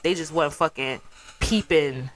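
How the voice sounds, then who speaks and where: A woman's voice: sits low, measured pace. A young woman from the South Side of Chicago with a Chicago accent, hosting her own podcast as a blunt, profane solo rant that slips into mimicked quotes. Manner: profane, blunt, animated storytelling with put-on quotes. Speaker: podcast host.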